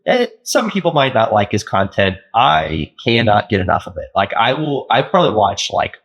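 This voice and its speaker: A man co-hosting a podcast in casual chat, with dry, relaxed banter. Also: on the low side, normal speed, slightly rough. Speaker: podcast co-host, the other's boss.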